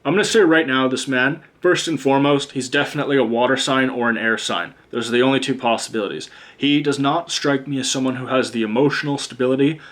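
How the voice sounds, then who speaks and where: A man's voice: medium pitch, quick pace, few pauses, fairly bright tone. Blunt, ranting male tarot reader. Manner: blunt, chatty, swears freely, prone to rants. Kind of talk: casual pick-a-card reading.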